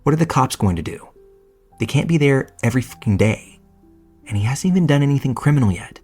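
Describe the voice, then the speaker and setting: A man's voice: medium pitch, animated, a little fast, darkish tone, faint music behind. A man reading a first-person horror story aloud in a casual, profane storytelling manner. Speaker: narrator. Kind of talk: scripted horror story narration.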